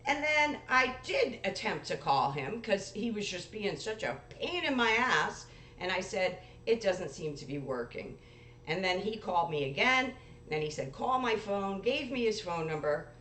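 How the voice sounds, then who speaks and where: Woman host, blunt and profane, lively swooping voice, echoey room with faint hum. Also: medium pitch, normal speed. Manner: blunt and profane, reads out messages in an animated way. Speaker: paranormal channel host. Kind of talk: recounting a dispute to viewers.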